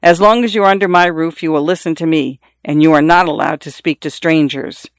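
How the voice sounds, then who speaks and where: A narrator voicing a pompous, overbearing husband who lectures in a sonorous, grand voice in an audiobook. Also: male voice, a little high, fairly even intonation, fairly quick, smooth, dry recording, natural voice. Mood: lecturing. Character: pompous bullying middle-aged husband. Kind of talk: audiobook character voice.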